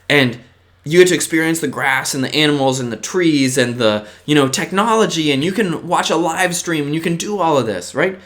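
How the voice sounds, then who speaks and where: A man's voice: on the high side, animated, a little fast, fairly bright tone. Earnest man talking to camera. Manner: earnest, keeps checking in with "right?". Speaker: vlogger. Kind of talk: casual motivational talk to camera.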